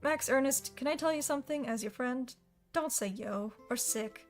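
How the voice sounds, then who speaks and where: An eager, talkative schoolgirl, bubbly and imaginative, her voice sitting on the higher side, as a woman reads her aloud. The storybook reading carries light music in the background. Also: normal speed, lightly acted. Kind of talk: audiobook character voice.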